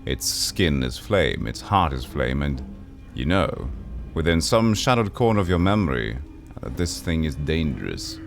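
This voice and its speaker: A man's voice: rumbling low, sing-song, a little slow, creaky, few pauses, soft background music. A man streaming a retro role-playing game, reading its text aloud and chatting casually with viewers.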